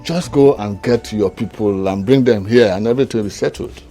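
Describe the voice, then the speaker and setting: An actor with a Nigerian accent playing a pleased middle-aged uncle blessing a suitor. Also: male voice, on the low side, a little fast, dark tone, soft background music, lightly acted. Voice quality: expansive, approving. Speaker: uncle of the bride.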